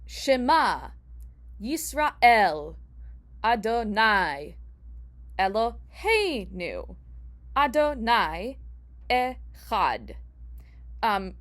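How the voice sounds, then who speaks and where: A woman's voice: on the high side, fairly bright tone. A young woman teaching a casual lesson as a rabbinical student, chatty, asking herself rhetorical questions and restarting her phrases.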